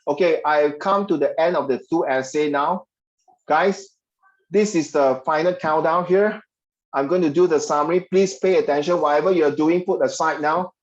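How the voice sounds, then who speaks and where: Singaporean man tutoring an online English class, chatty and joking, somewhat high voice, dull lo-fi sound. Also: moderate pace. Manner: chatty, joking, mixes local slang. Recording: dull lo-fi audio.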